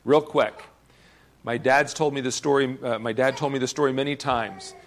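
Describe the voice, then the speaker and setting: A man's voice: mid-range voice, steady tone, normal speed, a little hiss or hum. A man preaching a sermon, earnest and emphatic, often repeating words as he presses a point. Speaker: pastor.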